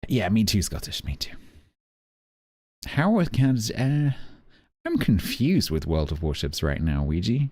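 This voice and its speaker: A British man talks to his stream viewers while he plays, his voice low and a little husky. He rambles from topic to topic with dry, self-mocking humour, in a mellow, relaxed tone. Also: a little slow, long pauses, no room sound. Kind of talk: casual chat while gaming.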